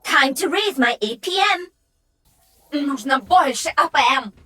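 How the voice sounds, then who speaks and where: Game cast: a very high, bright, bouncy young gamer girl, lively and grating, faint music under. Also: unhurried, full character voice. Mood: perky. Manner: energetic, a bit annoying. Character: youthful spunky young woman gamer.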